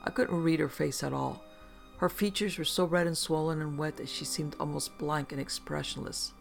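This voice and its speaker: Gravelly narrator telling a horror story. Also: medium pitch, steady tone, moderate pace, soft background music.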